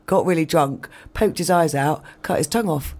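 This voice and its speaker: A woman's voice: low voice, moderate pace, darkish tone. A woman comedian, a guest on a radio show, chatting casually and telling anecdotes while laughing easily.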